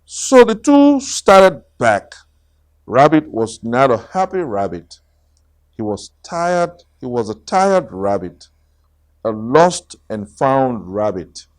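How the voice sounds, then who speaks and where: A middle-aged man telling a children's story aloud. He reads slowly and expressively, his pitch rising and falling with lively swings, and he speaks at an average pitch for a man. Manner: slow and expressive, asking children questions.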